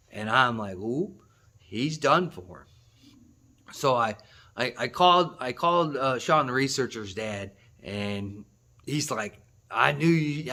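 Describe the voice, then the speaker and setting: A hunting channel's host tells a story to the camera, rambling and excitable, laughing and restarting as he goes. His voice sits at medium pitch.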